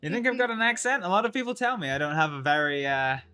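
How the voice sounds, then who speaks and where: A Scottish man roleplaying live on a game stream, chatting with many fillers and pauses. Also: sits high, very animated. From Scotland.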